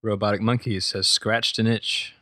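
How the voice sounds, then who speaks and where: A man co-hosting a casual podcast, quietly reading out listener messages. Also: lowish voice, level tone, normal speed. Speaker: podcast co-host.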